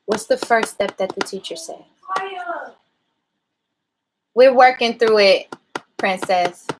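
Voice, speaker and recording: A woman talks to her child in a calm, measured way, steering her with patient questions. She is holding back tears as she speaks. Her voice sits at an ordinary pitch for a woman. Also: noisy background. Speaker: mother. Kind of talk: parent talking a child through a mistake.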